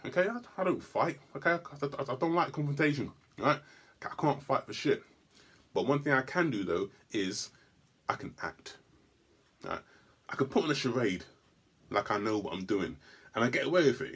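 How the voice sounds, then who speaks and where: A man telling a stand-up story in a comedy club, animated and given to sudden loud bursts and stammered restarts. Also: medium pitch, slightly rough.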